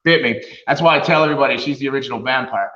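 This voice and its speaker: Animated man telling wrestling stories, roomy sound. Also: medium pitch, very fast, muffled recording. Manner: animated storyteller, laughs often, acts out quotes. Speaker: guest, retired wrestler. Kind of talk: casual storytelling interview.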